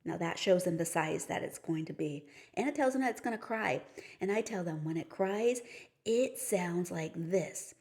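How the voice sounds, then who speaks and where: A woman's voice: fairly low pitch, animated, a little fast, darkish tone. A woman teaching a phonics lesson for teachers and parents, patiently explaining each step with playful story cues. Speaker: reading teacher.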